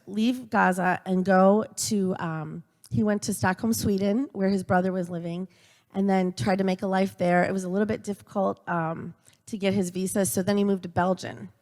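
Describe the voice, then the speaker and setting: A middle-aged woman tells stories in an earnest speech at a church gathering, stumbling a little with fillers and restarts. Her mid-range voice hangs in a long church reverb. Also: mid-range voice. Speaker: speaker at a church event for a university.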